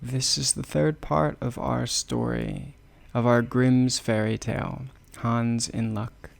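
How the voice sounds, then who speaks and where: Male English teacher, unhurried storytelling lesson, gravelly voice, explains each phrase. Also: medium pitch, little pitch movement. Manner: repeats and explains words patiently. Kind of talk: slow storytelling lesson for learners.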